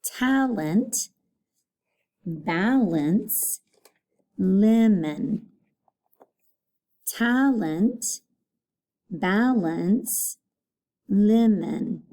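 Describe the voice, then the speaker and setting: A woman teacher giving a recorded phonics lesson, patient and repeating each word clearly. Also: mid-range voice, lively intonation, very slow, pauses often, dark tone.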